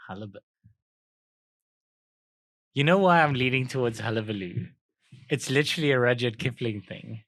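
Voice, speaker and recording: A South African man co-hosting a casual trivia podcast, thinking aloud in an animated, laughing way. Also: medium pitch, normal speed, pauses often, no room sound. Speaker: podcast co-host.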